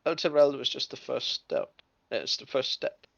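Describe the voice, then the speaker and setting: A man's voice: mid-range voice, sing-song, normal speed, vocal fry, a bit bright, muffled recording, exaggerated voice. A man voicing a serious, menacing male villain who makes cold, grandiose pronouncements in a tabletop game. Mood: ominous.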